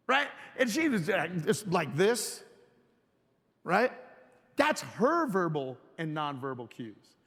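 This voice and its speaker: A high, lively male voice with a bright, forceful edge. He delivers a keynote to a live audience, firing questions at the crowd and pulling them in. The sound carries a long hall reverb. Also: takes it slowly. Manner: energetic, engages audience with questions. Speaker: keynote speaker. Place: large hotel event hall.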